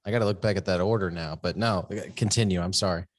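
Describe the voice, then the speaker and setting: A Texan man hosting a casual interview, his voice very low and relaxed. He talks loosely and warmly to his guest, calling him brother. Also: fast talker, dry recording, clean studio sound. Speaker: podcast host.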